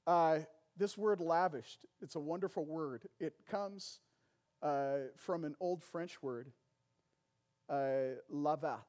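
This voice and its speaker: A man preaching a sermon in a conversational way, often calling for an "amen" from the congregation and rising to loud emphatic peaks on key lines. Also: on the high side, slow pace. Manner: conversational preaching with frequent call-and-response "amen" and "right". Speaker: pastor.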